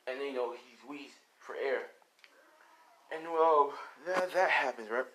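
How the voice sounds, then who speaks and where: A man's voice: mid-range voice, unhurried, a bit bright. A young man casually narrating an improvised fan story, rambling, swearing and full of fillers. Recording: noisy home recording.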